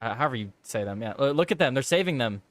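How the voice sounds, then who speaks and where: A young man hosting a political livestream, sarcastic and quick to laugh. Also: medium pitch, expressive, very noisy. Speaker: host. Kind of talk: casual livestream talk.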